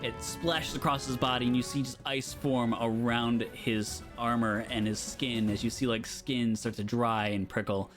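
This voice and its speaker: A man's voice: mid-range voice, fairly even intonation, normal speed, few pauses, music in the background. A man acting as dungeon master, narrating a tabletop game in a laid-back way, laughing between descriptions.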